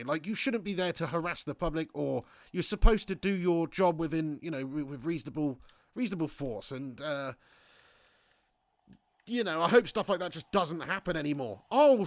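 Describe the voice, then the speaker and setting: A man streaming a football game live, commentating excitably and chatting with viewers. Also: on the high side, no echo. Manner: excitable, swearing, chatty banter. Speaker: gaming livestreamer.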